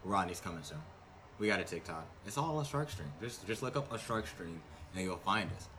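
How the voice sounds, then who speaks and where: A man's voice: sits low, expressive, a little fast, noisy background. A young man co-hosting a stream, chatting casually in a laid-back, slangy way and rattling off plugs. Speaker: stream co-host. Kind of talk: casual chat.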